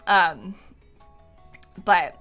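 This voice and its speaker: A woman's voice: fairly low pitch, drawn-out words, a bit bright. A young woman streaming live, talking casually and rambling with many fillers and nervous laughs, shaken and close to tears. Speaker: game streamer. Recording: faint music behind.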